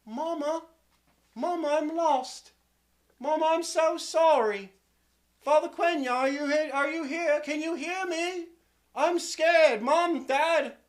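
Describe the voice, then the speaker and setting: A man voicing a frightened young boy who pleads in a high, childish voice. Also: slow, fairly bright tone, full character voice. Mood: scared, pleading.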